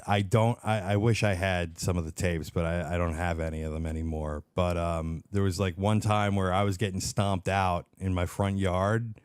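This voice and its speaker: A man co-hosting a podcast, telling stories in a relaxed, halting way with easy laughs. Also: low-pitched, clean tone, no room sound, clean studio sound. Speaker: podcast co-host. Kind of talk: casual podcast chat.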